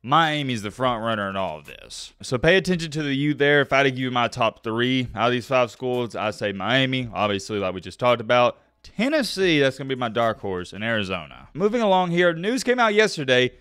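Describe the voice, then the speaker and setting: Male sports vlog host, animated and quick, dry close-mic sound. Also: medium pitch, clean tone, dry recording. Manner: animated, fast-talking, with sudden loud bursts. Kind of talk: casual commentary vlog.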